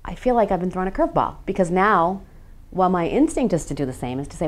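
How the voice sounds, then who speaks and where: A middle-aged woman speaking as a parent in a radio documentary interview, reflective and halting as she searches for words. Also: lowish voice, animated. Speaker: parent of a transgender teen.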